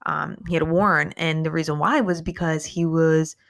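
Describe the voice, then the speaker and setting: A woman's voice: deep voice, steady tone, normal speed, creaky. A woman who is a police officer hosts a podcast in a casual, rambling monologue, swearing freely and talking tired late at night. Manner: rambling, profane, emphatic, many fillers.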